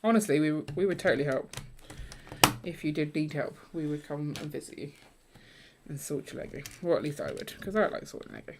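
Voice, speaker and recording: Chatty woman, low voice. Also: animated, brisk, darkish tone, slight background noise. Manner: chatty, storytelling, laughs easily. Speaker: co-host of a Lego build livestream. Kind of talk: casual chat while building.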